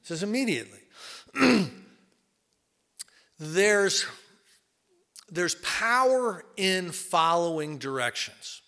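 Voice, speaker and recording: A man's voice: high voice, expressive, takes it slowly, long pauses, bright, forceful tone. A middle-aged man giving an informal, plain-spoken talk to a recovery group, folksy with many fillers. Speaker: recovery meeting speaker.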